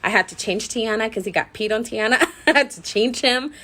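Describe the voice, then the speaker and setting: A woman with a slightly high voice, vlogging as a mother. She tells her story casually to the camera, chatty and animated, with many fillers and plenty of laughter. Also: brisk.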